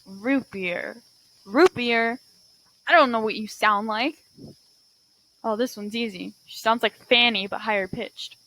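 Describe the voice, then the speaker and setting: A woman's voice: fairly high pitch, fairly even intonation, normal speed, sharp tone, rough recording. A woman casually commenting while trying out voices for her own characters, giggly and self-mocking. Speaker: hobby artist voicing her own characters.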